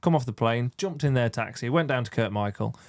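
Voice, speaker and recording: Man, podcast guest, rapid, mid pitch, laughs a lot, acts out quotes. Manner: animated storytelling, laughs often, acts out quoted voices. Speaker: podcast guest, motorcycle racer. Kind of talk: casual chat.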